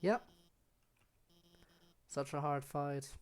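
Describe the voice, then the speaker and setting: A man's voice: a little high, drawn-out words, clean tone. Chatty, self-mocking male game streamer. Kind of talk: casual gameplay commentary.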